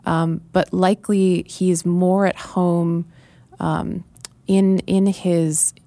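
A woman's voice: on the low side, level tone, extremely slow, mellow, no room sound. A woman chatting casually on a podcast, thoughtful and hesitant, with many fillers. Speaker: guest character creator.

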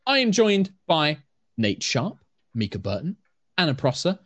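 A man's voice: a little high, unhurried, dry recording. A man hosting a tabletop game show as dungeon master, chatting playfully and rambling into tangents. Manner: playful, rambling, lively intonation. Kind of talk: casual show opening chat.

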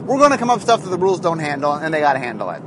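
A head designer talks through a rambling, casual monologue full of fillers and restarts. His voice is high and very animated. Clear car road noise runs beneath him. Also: racing.

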